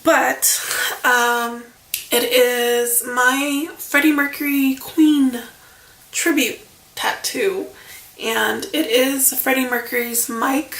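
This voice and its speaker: A woman tells a casual storytime to camera, wandering off on asides and filling gaps with "um" and "like." Her voice is bright and a little gravelly, sitting slightly high. The room around her sounds echoey. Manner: rambling, chatty, many fillers and asides. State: emotional, near tears. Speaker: vlogger.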